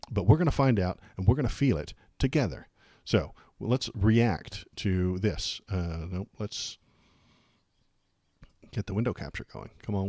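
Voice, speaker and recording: A man hosting a live political stream rambles through his reactions in a low voice, with sarcastic asides and muttered curses. The sound is close and dry, with no room echo at all. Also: mellow. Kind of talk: casual political commentary and reaction.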